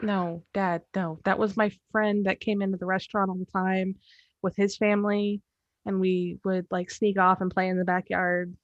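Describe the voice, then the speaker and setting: Young woman playing her character, talks fast, kinda muffled dry audio. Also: medium pitch, little pitch movement, no echo. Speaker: player. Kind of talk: playing a character in a tabletop game. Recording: dull, dry mic.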